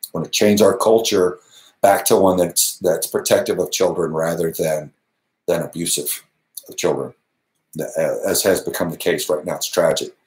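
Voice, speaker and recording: A man with a fairly low voice talks earnestly and with emphasis, as if he is answering critics live. He laughs briefly and restarts his sentences now and then. The sound is roomy, with a clear echo around him. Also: steady tone, moderate pace, darkish tone. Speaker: channel host. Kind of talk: live Q&A monologue.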